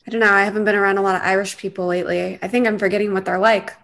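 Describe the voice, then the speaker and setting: A woman's voice: medium pitch, level tone, racing, gravelly, a bit bright. A woman improvising a customer on a comedy phone call, asking dry, playful questions. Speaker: caller playing a customer.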